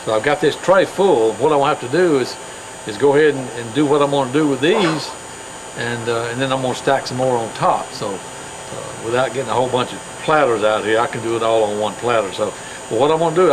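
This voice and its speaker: A man's voice: mid-range voice, expressive, brisk, noisy background. A man from the hosting a show on his farm, talking in a chatty, rambling way with many fillers and restarts. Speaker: host. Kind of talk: casual folksy chat.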